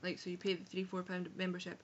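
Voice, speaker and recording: Speaking fast in a lowish, completely flat voice, a young woman from Edinburgh, Scotland reviews books casually and frankly, with swearing and self-corrections. The highs are cut off and there's a little hiss or hum; she's in a home room on a rainy day.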